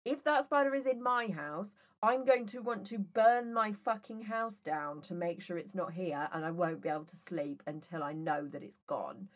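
A woman's voice: fairly low pitch, moderate pace, few pauses. A woman co-hosting a casual podcast chat, telling jokey stories with plenty of swearing. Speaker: podcast co-host.

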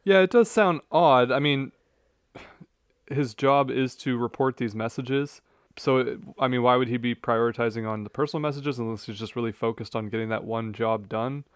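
A man's voice: mid-range voice, normal speed, clean tone, no room sound, studio quality. A man co-hosting a casual history podcast, reacting and raising questions aloud. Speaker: podcast co-host.

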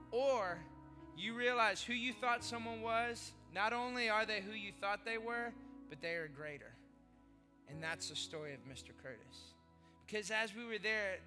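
A male pastor preaching a sermon, telling a story with passion and emphasis. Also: high voice. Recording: long hall reverb, faint music.

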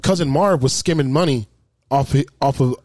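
A man's voice: mid-range voice, moderate pace, a little mellow, no echo. A man in casual conversation about a movie, emphatic and swearing, quoting the characters. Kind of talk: casual movie review chat.

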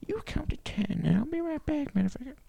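A man doing a shrill, squeaky mocking heckler. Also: lively intonation, fairly quick, vocal fry, warm tone, full character voice. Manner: squeaky, mocking, repeating himself.

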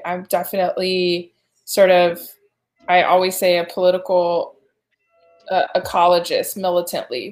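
A woman with a mid-pitched voice co-hosting a podcast. She talks through ideas in a thoughtful, rambling way. The sound has a roomy echo. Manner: thoughtful, rambling, with fillers and restarts. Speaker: podcast co-host. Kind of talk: casual podcast chat.

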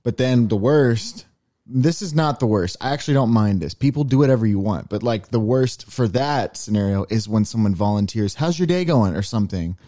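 A man's voice: on the low side, a little fast, dark tone, no echo, clean studio sound. A man co-hosting a podcast in casual chat, rambling through explanations with lots of fillers. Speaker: podcast co-host.

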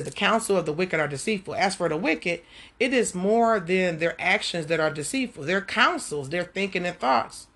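Brief: woman, husky voice, relaxed home Bible-study podcast, lively and chatty delivery. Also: sits low. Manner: animated, conversational, talks to listeners directly. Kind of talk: casual devotional teaching.

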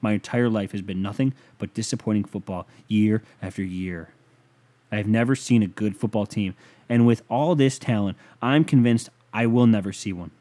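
A man in a mellow voice doing a dramatic reading of a furious football fan's profane rant. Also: lowish voice, moderate pace, close to an everyday voice. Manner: ranting, profane. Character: furious bitter male football fan.

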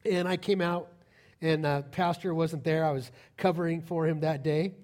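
A man preaching a sermon to a congregation, lively and direct, often putting rhetorical questions to his listeners. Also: a little high, moderate pace.

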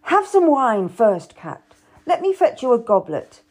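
A woman's voice: a little high, big pitch swings, a little slow, a little mellow, breathy edge, heavily acted. A woman voicing an arrogant, charming young male nobleman who coaxes and gives orders. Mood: coaxing. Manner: coaxing, commanding.

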